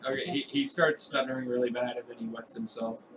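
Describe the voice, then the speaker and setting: A man narrating a tabletop game as game master, casual and halting. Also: medium pitch, steady tone, far from the mic. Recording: noisy room recording.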